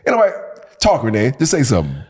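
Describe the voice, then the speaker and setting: Young Detroit-raised man, animated co-host, boastful and playful. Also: medium pitch, fast, husky. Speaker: podcast co-host. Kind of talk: casual banter.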